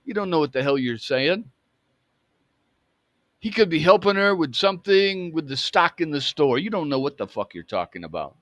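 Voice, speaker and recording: A man's voice: a little high, sing-song, normal speed, a bit bright, dry recording, pitched above the performer's own voice. A man voicing his angry, scornful middle-aged father, who speaks harshly, mocks and swears. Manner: harsh, mocking, profane.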